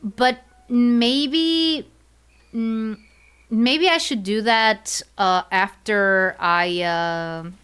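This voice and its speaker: A woman chats casually while playing on stream, talking slowly and thinking out loud. Her voice is smooth and clear, and she drifts through fillers and repeats with a giggly, self-mocking tone. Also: a little high. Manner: rambling, thinks aloud with many fillers and repeats. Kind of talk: casual gaming livestream chat.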